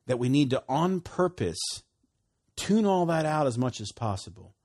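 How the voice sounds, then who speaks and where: A man giving a casual, animated sermon, often laughing and acting out conversations. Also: mid-range voice, moderate pace. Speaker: preacher.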